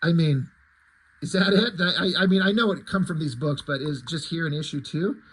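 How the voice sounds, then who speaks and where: A man's voice: a little high, normal speed, fairly bright tone, breathy edge, low-quality recording. A man reviewing a comic book in casual commentary, sarcastic and profane, with frequent asides.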